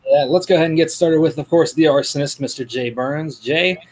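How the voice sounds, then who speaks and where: Laid back guy co-hosting, interviews the players, bit of teasing, slightly high voice. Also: brisk, low-quality recording. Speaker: co-host and interviewer. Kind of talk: casual interview banter.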